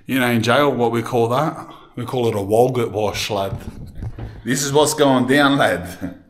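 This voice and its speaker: A man's voice: mid-range voice, measured pace, a little hiss or hum. Slangy young man vlogging. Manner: slangy and excitable, calls the viewer bro, cuz and lad. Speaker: travel vlogger. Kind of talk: casual travel vlog.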